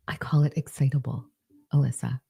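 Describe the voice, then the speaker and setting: A woman in her forties giving a blunt, excitable motivational talk at home, swearing freely. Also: low-pitched, creaky, breathy edge. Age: 40s. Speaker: life coach. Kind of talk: casual motivational talk to camera.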